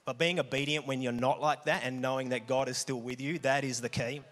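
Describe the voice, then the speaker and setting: A man's voice: medium pitch, steady tone, fairly quick, a bit bright. A man giving an earnest, upfront testimony at church about his work as a salesperson. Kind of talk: telling a testimony. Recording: echoey hall.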